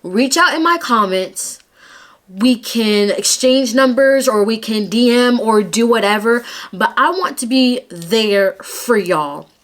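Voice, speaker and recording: A woman's voice: fairly high pitch, expressive, takes it slowly, fairly bright tone. A young woman vlogging her personal testimony, earnest and emotional, close to tears at times.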